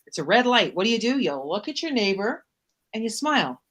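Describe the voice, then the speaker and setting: A woman's voice: a little high, big pitch swings, a little fast, a bit bright. A woman hosting a casual chat show, talking in an upbeat, motivational way. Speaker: host.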